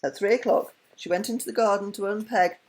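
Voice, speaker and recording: A woman reading a children's story aloud with an expressive, lilting delivery. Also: mid-range voice, a little fast, a little hiss or hum.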